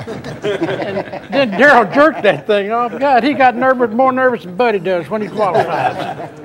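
A man's voice: high voice, expressive, measured pace, a crowd in the background. A man jumping in to correct and tease another racer's story. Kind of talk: casual storytelling among old racers.

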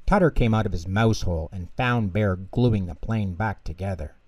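Man, bedtime story reader, low voice, lively lilt. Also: normal speed, no room sound.

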